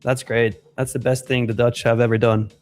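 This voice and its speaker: A man co-hosts a live trading stream in a loose, playful way and jokes between chart checks. His voice sits at a middle pitch. Faint music plays underneath. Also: little pitch movement, normal speed, darkish tone. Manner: joking, trying out mock accents. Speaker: trading show co-host. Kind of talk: casual live-stream chat.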